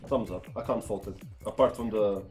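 A man's voice: lowish voice, fairly quick, a little mellow, faint music behind. A man co-reviewing a vape product in a practical, matter-of-fact way. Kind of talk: casual review chat.

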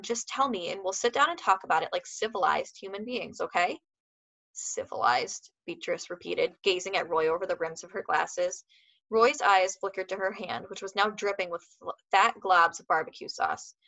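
A woman teacher reads a novel aloud to her class, her voice sitting at a middle pitch. She lifts the dialogue with lively voices for the characters. Afterward she moves into reading comprehension questions. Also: gravelly, poor audio.

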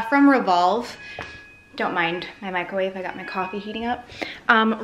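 A woman's voice: mid-range voice, fairly bright tone, a little hiss or hum. A young adult woman vlogging at home in a chatty, upbeat way, full of likes and ums. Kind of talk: casual vlog chat to camera. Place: at home, indoors.

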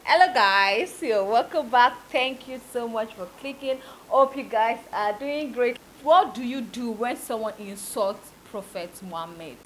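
A woman's voice: fairly high pitch, measured pace, few pauses, a little hiss or hum, rough recording. A woman hosting a reaction video, greeting viewers and adding short, friendly comments.

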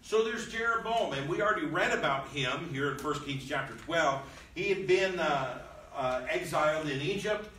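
Bright-voiced preacher in an echoey church room. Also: male voice, fairly high pitch, expressive, moderate pace, a little hiss or hum. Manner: reads King James scripture aloud, then explains in plain casual talk. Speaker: Bible study teacher. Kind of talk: Bible lesson with scripture reading. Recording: echoey room, mic at a distance.

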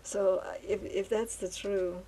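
Woman vlogger, gravelly low voice, flat delivery, halting with fillers and restarts, faint hiss behind. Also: poor audio. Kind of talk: rambling casual monologue while painting.

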